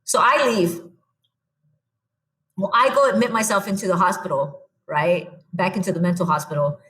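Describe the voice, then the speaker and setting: A young adult woman, a podcast guest, telling her own story in a blunt, animated way and acting out what she said back then. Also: fairly low pitch, normal speed. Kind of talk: casual storytelling.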